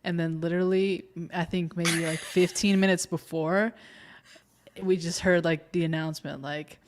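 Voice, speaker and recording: A young woman co-hosting a livestream, chatting in a relaxed, giggly way and often trailing off mid-sentence. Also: fairly low pitch, moderate pace. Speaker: livestream co-host. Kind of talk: casual chat.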